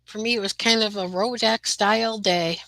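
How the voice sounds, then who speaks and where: Greeting viewers by name, a woman hosts a laid-back livestream chat from her room, rambling with plenty of fillers. Her mid-range voice is bright, forward, gravelly and fairly quick. The audio is dry and close with no room sound, captured on a computer mic in low quality.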